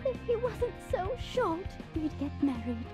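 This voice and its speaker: A woman's voice: extremely high pitch, very animated, a little slow, over music, heavily acted. A woman voicing a fluffy, dreamy female bird in a video game, with a theatrical Shakespearean delivery. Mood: swooning. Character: fluffy, dreamy female bird swooning over her love.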